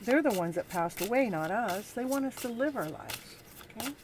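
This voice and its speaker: A woman hosting a live tarot reading, talking in a gentle, encouraging and halting way to her viewers. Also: on the high side, animated, noisy background. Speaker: tarot reader and show host.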